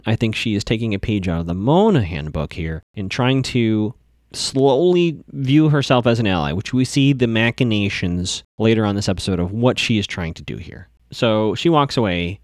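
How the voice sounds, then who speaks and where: A man's voice: on the low side, expressive, fairly quick, dry recording. Guy on a podcast recapping a show, rambly and chatty, close dry mic. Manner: chatty, digressive, many fillers and restarts. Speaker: podcast host recapping a TV episode.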